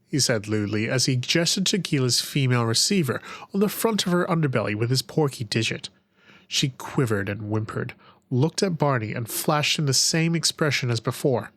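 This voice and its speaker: A man narrating a sci-fi audiobook in a measured, even storytelling manner, on a close microphone. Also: mid-range voice, no room sound, low-quality recording.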